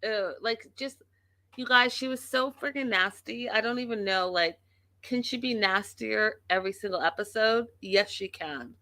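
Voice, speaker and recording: A woman's voice: mid-range voice, bright, forceful tone, no room sound. A woman hosting a casual reality TV recap, talking bluntly and emphatically with plenty of profanity. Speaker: show host.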